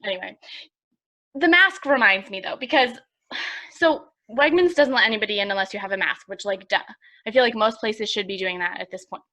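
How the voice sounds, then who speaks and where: A woman's voice: medium pitch, a little fast, pushed and bright. A young woman co-hosting a podcast, telling stories in a chatty way with lots of fillers. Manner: chatty storyteller, many fillers. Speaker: podcast co-host. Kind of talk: casual chat.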